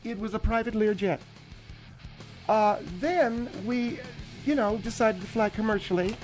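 A man's voice: high-pitched, a little mellow, soft background music, pitched above the performer's own voice. A man voicing a touchy older woman who bickers with the host in a radio comedy sketch. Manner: bickering, quick to take offense.

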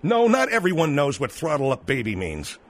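A man's voice: fairly high pitch, huge pitch swings, fairly quick. A man hosting a comedic radio talk show, questioning callers with incredulous exasperation.

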